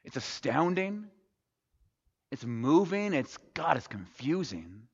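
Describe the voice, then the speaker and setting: A pastor delivers a sermon in a somewhat high, husky voice, very animated yet unhurried, retelling a story conversationally with wry, humorous asides. The recording is dull and lo-fi, with the echo of a large hall.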